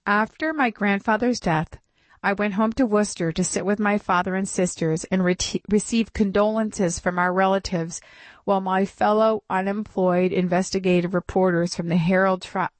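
A woman narrating a memoir audiobook in a measured, steady reading voice, close to the mic. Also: mid-range voice, dry recording.

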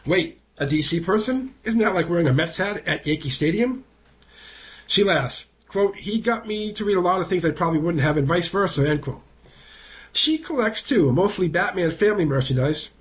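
A man with a high-pitched voice reads a local news feature aloud. He keeps an animated delivery and brightens noticeably whenever he voices quotations or calls out tallies. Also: moderate pace. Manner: lively, lifts the voice for quoted speech and counted numbers. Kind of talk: reading a newspaper feature aloud.

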